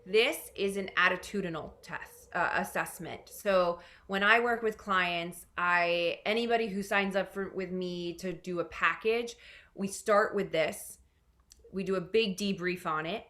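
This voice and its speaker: A woman's voice: on the low side, a little slow, bright, forceful tone. A woman leadership coach answering a question in a Q&A, chatty and full of "right?" and "like". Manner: chatty, many fillers like "right?" and "like".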